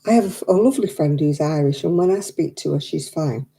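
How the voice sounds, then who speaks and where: Woman, craft stream host, low mellow voice, rambling chat with lots of laughs, close desk mic. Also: fairly quick, vocal fry. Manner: chatty and rambling, laughs often. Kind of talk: casual chat while knitting, reading viewer comments. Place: living room at home. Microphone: desk microphone.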